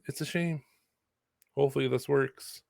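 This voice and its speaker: A man hosting a casual chat, laid-back and quick to laugh. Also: medium pitch, vocal fry, no room sound. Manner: laid-back, laughs easily, animated asides. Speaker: talk show host.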